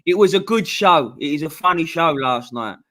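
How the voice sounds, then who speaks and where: High bright bloke, chatty. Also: male voice, expressive, moderate pace. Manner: chatty, rambling, laughs a lot. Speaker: co-host. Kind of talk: casual football chat.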